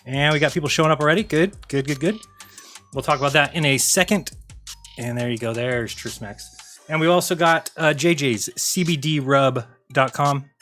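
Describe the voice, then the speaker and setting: A man hosting a call-in livestream in a relaxed, rambling way, reading viewer comments aloud between tasks. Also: fairly high pitch, normal speed, soft background music. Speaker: livestream call-in show host. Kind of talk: casual livestream chat.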